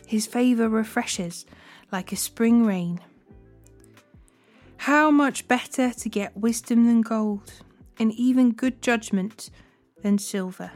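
A woman hosting a daily Bible reading, reading scripture in a measured, unhurried way. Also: fairly high pitch, a little mellow, soft background music.

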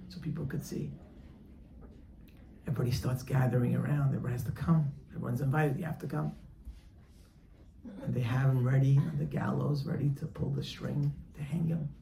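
A religious teacher, a man, telling a story in a sermon, animated and acting out the characters. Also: medium pitch, gravelly. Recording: echoey room, faint background noise.

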